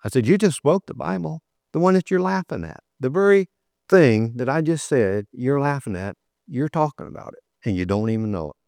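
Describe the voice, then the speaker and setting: An older man delivers a sermon in a conversational storytelling way. He pushes into emphatic, repeated lines and slows right down when he reads scripture. The sound is dry and close, and his voice sits at an ordinary middle pitch. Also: expressive, gravelly, darkish tone, dry recording. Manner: storytelling, rising to emphatic preaching, slowing for scripture. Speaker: preacher.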